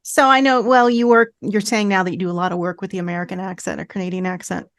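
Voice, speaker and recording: A woman's voice: mid-range voice, fairly even intonation, gravelly, fairly bright tone, no echo. Curious woman hosting a podcast. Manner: curious, quick questions and short reactions. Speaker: podcast host. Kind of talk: casual podcast interview.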